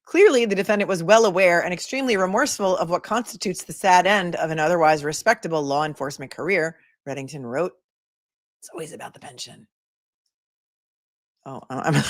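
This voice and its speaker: Woman lawyer doing a chatty livestream, lowish voice, laughs a lot, reads the chat out loud. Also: fast talker. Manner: chatty, laughs often, reads viewer comments aloud. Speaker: attorney and livestream host. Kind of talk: casual livestream chat reading comments.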